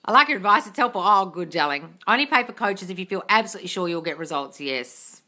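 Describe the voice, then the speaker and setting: An expressive, fast-talking woman with a fairly low pitch and a bright, forceful tone is live streaming. She chats casually, reading comments out loud, giving blunt replies, swearing without restraint and calling her viewers darling.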